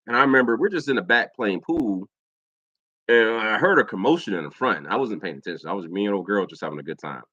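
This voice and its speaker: An American man tells a crude, animated story straight to camera in a casual vlog. His voice is bright and swings widely in pitch. The recording is dry and close, with a slightly dull, muffled top end. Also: quick pace, no echo. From United States. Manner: profane, animated storytelling with mimicked quotes. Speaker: vlogger, Air Force veteran.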